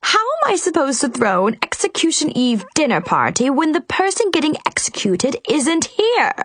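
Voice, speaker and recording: Woman as a shrieking vain storybook queen, high and furious. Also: huge pitch swings, moderate pace, dry recording.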